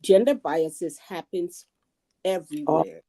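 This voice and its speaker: A woman from Liberia on a video call, laying out her points in a measured, deliberate way during a casual group discussion. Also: sits low, steady tone, vocal fry, noisy background. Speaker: panel guest.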